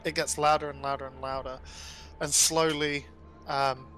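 Male game master with a bright voice and casual, rambling description, over faint music. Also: medium pitch, flat delivery, moderate pace. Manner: loose and descriptive, with frequent ums and likes. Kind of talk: casual tabletop game narration.

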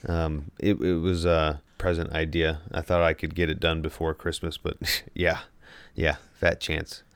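A man's voice: extremely low pitch, level tone, unhurried, a bit bright, clean tone, dry recording. A man co-hosting a podcast, chatting casually and jokily, rambling with plenty of fillers and restarts. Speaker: podcast co-host. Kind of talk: casual comedic chat.

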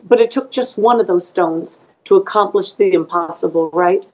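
A woman's voice: fairly low pitch, normal speed, darkish tone, low-quality recording. Earnest woman talking faith. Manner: earnest, emotional, repeats words when moved. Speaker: author and interview guest. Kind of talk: faith interview, conversational.

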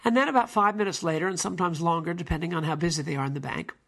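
A man's voice: a little high, rapid-fire, gravelly, a bit bright. A man giving a spoken lecture on language in a musing, digressive way, now and then mimicking how people intonate.

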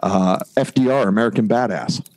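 A man's voice: fairly low pitch, fairly quick, a little mellow, dry recording. A man in casual chat, telling a long story and acting out the quoted lines.

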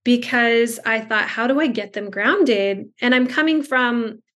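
A chatty woman guest on a video call, speaking a little high, full of fillers and restarts, slipping into voices when she quotes people. her pace wanders in a loose, storytelling way. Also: unhurried, a bit bright. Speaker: speech-language pathologist and guest. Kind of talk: casual conversational storytelling.

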